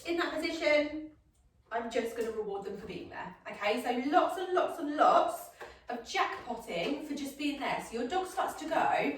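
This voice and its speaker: High-voiced woman in echoey space. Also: expressive, normal speed, a little hiss or hum. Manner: upbeat, says "okay?" often. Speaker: dog trainer. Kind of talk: instructional demonstration. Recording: echoey, mic far off.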